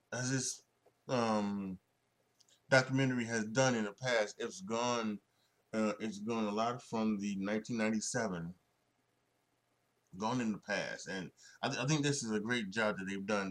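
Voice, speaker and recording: A young man hosting a solo sports podcast, talking in a rambling way with many restarts and fillers and frequent chuckles. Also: lowish voice. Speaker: podcast host.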